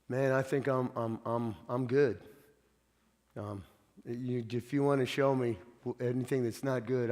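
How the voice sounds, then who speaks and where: A pastor with a fairly high, darkish voice tells stories conversationally during his sermon, often restarting his sentences. The long reverb of a church hall surrounds him.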